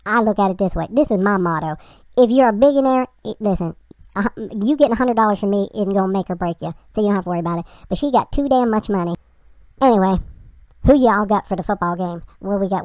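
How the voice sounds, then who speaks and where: A woman's voice: mid-range voice, quick pace, darkish tone, no room sound. A woman hosting a reaction video, chatting bluntly and rambling through asides. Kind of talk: casual reaction commentary.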